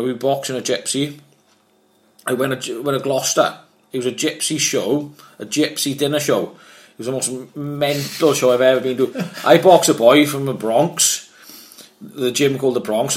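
A man and former amateur boxer, telling animated, swear-filled anecdotes in casual chat. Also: mid-range voice.

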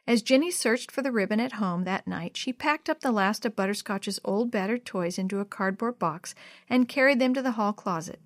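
A woman narrating a children's storybook in a gentle, steady read-aloud manner. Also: mid-range voice, normal speed, dry recording, clean studio sound.

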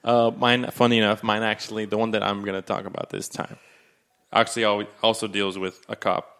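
A man's voice: fairly low pitch, level tone, a little fast, fairly bright tone, smooth. A man in his twenties from South Texas, casually telling a story, loose and filler-heavy, saying "like" a lot. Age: 20s.

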